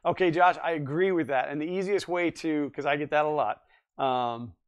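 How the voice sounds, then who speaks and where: Forty-something guy rambling on a live stream, kinda high voice, smooth and clear. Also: normal speed, muffled recording. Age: 40s. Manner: rambling, chatty, reads and answers chat. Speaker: livestream host. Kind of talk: casual live-stream chat.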